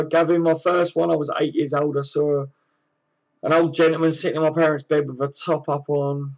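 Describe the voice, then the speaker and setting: A fairly high-voiced man, casually chatting on his live stream. He reads out viewers' comments and answers them in an easygoing, slang-filled way. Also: gravelly, darkish tone, poor audio. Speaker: host of a fan live stream.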